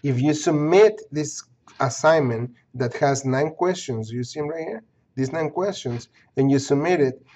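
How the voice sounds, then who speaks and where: A man's voice: medium pitch, dark tone, muffled recording. A man teaching an online course, walking students through its pages step by step, repeating points and checking in with "okay?". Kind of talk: screen-recorded course walkthrough.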